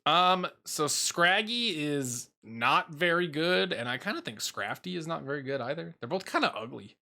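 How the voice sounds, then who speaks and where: A man's voice: fairly high pitch, animated, moderate pace, vocal fry, pushed and bright. A young man casually ranking game creatures in a rambling, opinionated way, with lots of fillers. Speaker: YouTube host ranking creatures. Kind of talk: casual tier list commentary.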